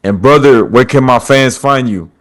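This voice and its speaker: A man's voice: mid-range voice, normal speed, fairly bright tone. A man hosting a podcast over a video call, retelling a story with quoted lines and calling his guest brother. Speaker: podcast host. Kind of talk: casual storytelling chat.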